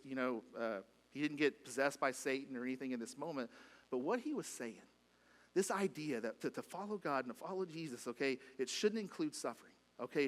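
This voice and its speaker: A man's voice: on the high side, a bit bright. A male pastor preaching a sermon in a casual way, often asking "okay?" and acting out what the people in the story say. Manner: conversational preaching, frequent "okay?" check-ins, acts out quotes. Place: church sanctuary.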